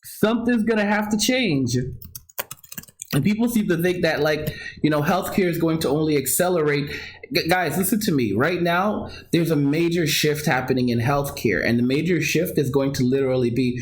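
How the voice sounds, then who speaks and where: A man with a Long Island, New York accent, talking casually and excitably to livestream viewers, repeating himself and laughing. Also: a little high, fairly quick. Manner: excitable, repetitive, addresses viewers as guys, often laughs. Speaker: crypto course seller and livestreamer.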